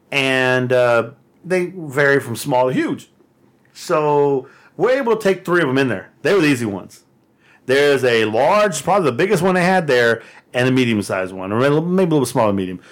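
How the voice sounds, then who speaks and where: A man telling a rambling, profane story in a casual chat, laughing often and getting animated. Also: medium pitch.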